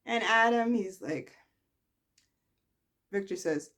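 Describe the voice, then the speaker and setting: Brief: woman recap host, casual and sassy, expressive, slow-paced delivery. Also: mid-range voice. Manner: chatty, sassy, animated storytelling. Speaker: soap opera recap host.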